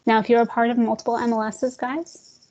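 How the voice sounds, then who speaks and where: A woman leading a screen-share software tutorial for real estate agents, talking casually, calling her listeners "guys" and joking about slow screens. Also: a little high, monotone, dull audio. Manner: chatty, addresses audience as guys, jokes about glitches.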